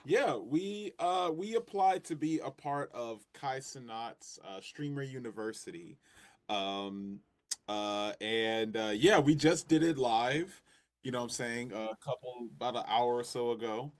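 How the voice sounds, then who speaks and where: A man's voice: mid-range voice, measured pace. A man hosting a livestream, chatting casually and loosely, with many fillers as he thanks viewers. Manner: relaxed, full of fillers and restarts. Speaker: streamer host.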